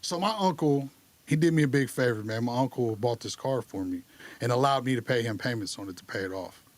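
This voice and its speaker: A man's voice: mid-range voice, a little fast, no echo. A man telling his recovery story on a podcast in a candid, casual way. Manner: candid, lively retelling with acted dialogue.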